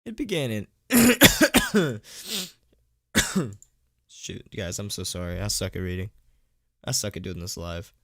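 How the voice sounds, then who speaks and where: A man streams himself reading a horror story from home, his fairly low, sharp voice swooping wildly in pitch as he goes slowly and pauses often. The studio-quality audio has no room sound, and he stumbles, jokes about his slips, and thanks donors between passages.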